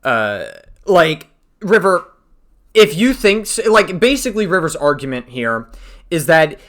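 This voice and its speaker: A man talks through a debate he took part in, his bright, forceful voice heated and scornful. He swears freely and mocks the other side as he argues his point. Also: on the high side, expressive, normal speed. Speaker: commentator. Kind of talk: reaction commentary.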